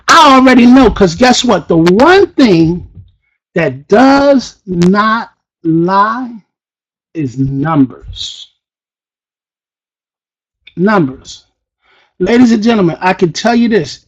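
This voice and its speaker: A man giving a fiery motivational speech to an audience, preacher-like, firing repeated rhetorical questions and breaking into shouts. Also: extremely high pitch, poor audio. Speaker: motivational speaker at a sales event.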